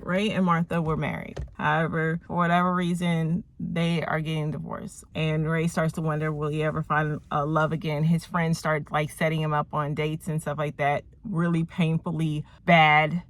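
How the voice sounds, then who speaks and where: A woman's voice: low voice, little pitch movement, normal speed, hardly any pauses. A woman vlogger rambling through a casual movie recap, opinionated and full of fillers.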